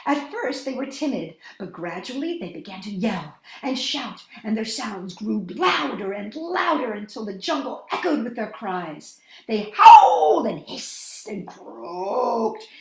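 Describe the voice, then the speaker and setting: A woman hosting a storytime, reading a picture book aloud to children with an animated, expressive delivery. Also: a little high, a little slow, creaky. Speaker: storytime host. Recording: echoey room.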